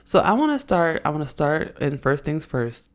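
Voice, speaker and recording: A woman in her thirties from Oakland with an Oakland accent, co-hosting a podcast in casual banter, her voice hoarse and raspy, playful and blunt. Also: sits low, sing-song, normal speed. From Oakland, California. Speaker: podcast co-host.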